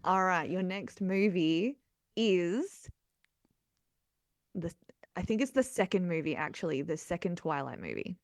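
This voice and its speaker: A woman's voice: fairly low pitch, lively intonation, unhurried, long pauses, no room sound, studio quality. A woman co-hosting a casual chat podcast, playful and laughing often, with whispered asides to listeners. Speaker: podcast co-host.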